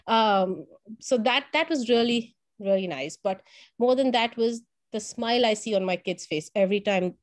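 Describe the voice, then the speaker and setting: A woman who runs a child care program, telling stories about the children in a lively conversational way, acting out quotes and often repeating words. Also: on the high side, moderate pace. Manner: animated storyteller who acts out quotes in a raised voice; repeats words while thinking. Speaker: family child care provider. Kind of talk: conversational testimonial.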